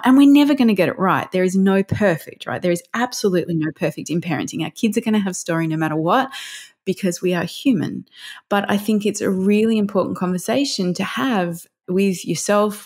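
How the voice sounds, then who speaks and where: A woman, a parenting counsellor speaking as a podcast guest, earnest and animated, often acting out what parents and children say. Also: mid-range voice. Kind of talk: casual interview chat.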